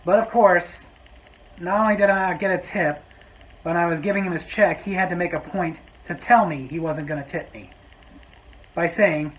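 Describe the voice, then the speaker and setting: A man's voice: high voice, normal speed, fairly bright tone, poor audio. A man telling a story from his restaurant job in a vlog, with sarcastic, exasperated asides. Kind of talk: storytime monologue.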